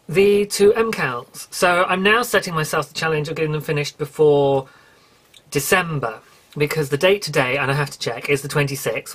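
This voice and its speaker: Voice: mid-range voice, fairly bright tone, husky. British solo podcaster, chatty, rambling, self-correcting. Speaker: podcast host. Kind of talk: casual solo podcast chat.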